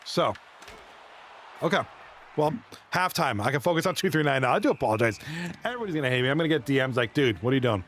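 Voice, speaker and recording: Excitable rambling male streamer. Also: fairly high pitch, quick pace, long pauses, slight background noise. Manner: rambling, excitable, chats with viewers. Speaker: live streamer and league commentator. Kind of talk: casual live-stream chat.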